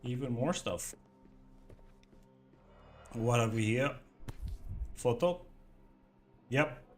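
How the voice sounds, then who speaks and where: A man's voice: medium pitch, animated, extremely slow, faint music behind. Jokey man streaming a horror game. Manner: jokey, exclamatory asides. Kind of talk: casual gameplay commentary.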